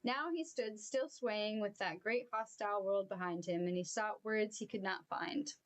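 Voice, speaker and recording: Woman reading a kids novel out loud, expressive and kinda emotional, middle pitch. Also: normal speed. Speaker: storyteller.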